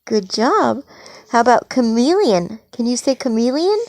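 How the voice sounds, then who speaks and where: Brief: woman, patient parent coaching a toddler's words, slow and sing-song, dry close sound. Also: fairly high pitch, sing-song, dry recording. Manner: patient, encouraging, exaggerated praise. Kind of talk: teaching a toddler animal names.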